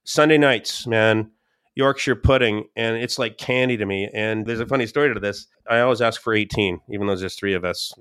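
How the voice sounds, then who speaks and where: A man, a podcast guest, telling stories in a casual, animated way, with many restarts. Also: fairly low pitch, brisk, smooth. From Scottish and English family. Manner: animated, quotes people in raised voices, many restarts. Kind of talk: casual storytelling.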